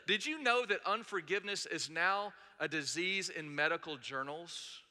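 A man's voice: high voice, moderate pace, hardly any pauses, bright, forceful tone. A middle-aged man preaching a sermon as pastor, earnest and storytelling, driving points home with emphatic repetition. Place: church sanctuary. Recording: long reverb of a large hall.

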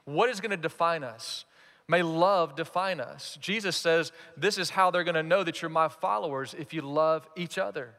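A man preaching a sermon as pastor, animated and playing out quoted voices. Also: on the high side, moderate pace. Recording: reverberant hall.

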